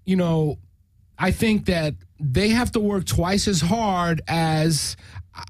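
A man's voice: high-pitched, takes it slowly. A man hosting a podcast, swearing freely and talking in a loose, joking way. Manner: profane, laughing, animated. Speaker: podcast host. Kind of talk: casual crude chat.

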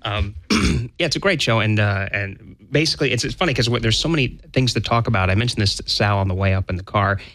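A man's voice: on the low side, fast talker, hardly any pauses, a bit bright. A man co-hosting a casual podcast, talking in a rambling, hesitant way with many fillers. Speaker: podcast co-host.

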